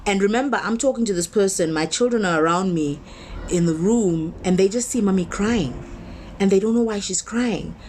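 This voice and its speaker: Woman minister, mid-range voice, conversational but emphatic preaching, leans on repetition and slowed-down stress. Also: mid-range voice, a little mellow, a little hiss or hum. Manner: conversational and emphatic, slowing to stress key words; builds points through repetition. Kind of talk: motivational sermon-style talk.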